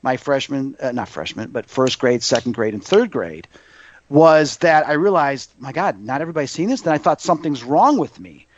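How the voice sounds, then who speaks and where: A man's voice: mid-range voice, moderate pace. A man in his fifties, a psychic medium guest, telling stories in a casual interview and acting out quoted voices. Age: 50s. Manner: animated, acts out quoted voices. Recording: dull muffled audio.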